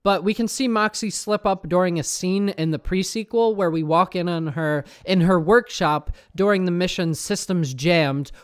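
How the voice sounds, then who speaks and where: A man's voice: high voice, normal speed, hardly any pauses, smooth. A man narrating video game lore in a casual tone, dropping wry asides.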